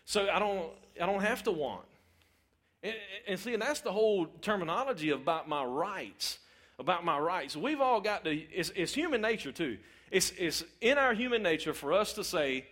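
A man's voice: high voice, animated, moderate pace, fairly bright tone. A middle-aged man, preaching an informal, conversational sermon in church and checking in with his listeners. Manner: conversational, repeats words, asks the audience questions.

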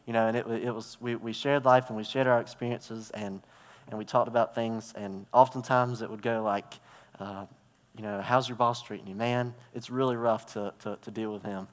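A man's voice: lowish voice, steady tone, moderate pace. Man preaching in a reverberant hall. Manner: conversational, storytelling with props and gestures. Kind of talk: sermon.

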